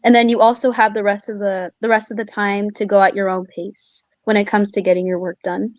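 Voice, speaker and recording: A young woman, a college student, answering interview questions in a soft, hesitant way. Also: mid-range voice, level tone, a little fast, no echo. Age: young adult. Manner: soft-spoken, hesitant, with many "um" and "like".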